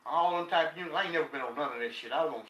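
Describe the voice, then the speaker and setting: A man's voice: a little high, very fast, a bit bright, roomy sound, low-quality recording. Profane older man telling stories. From Texas. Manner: profane, laughing storyteller. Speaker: guest, former prisoner. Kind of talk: casual storytelling.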